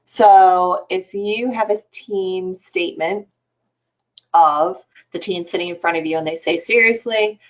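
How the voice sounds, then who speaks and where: A woman's voice: lowish voice, flat delivery, measured pace, darkish tone. A woman presenting a webinar for adolescent health providers, explaining in a conversational way with some fillers. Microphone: computer mic on a webinar call. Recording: dull lo-fi webinar audio.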